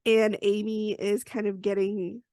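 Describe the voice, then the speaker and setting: A woman's voice: mid-range voice, flat delivery, measured pace, dark tone, no echo. A woman hosting a podcast, recapping an episode in a chatty, storytelling way with personal asides. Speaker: podcast host.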